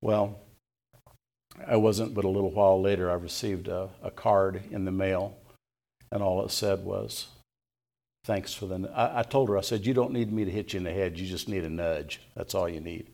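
A man in his sixties preaching a sermon as pastor, telling a personal story in a folksy way and softly quoting the people in it. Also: low voice, a little fast, creaky.

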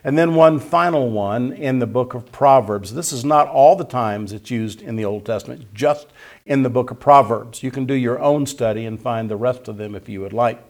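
A pastor preaching an evening sermon to his church, teaching slowly and repeating key points as he reads scripture aloud. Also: medium pitch.

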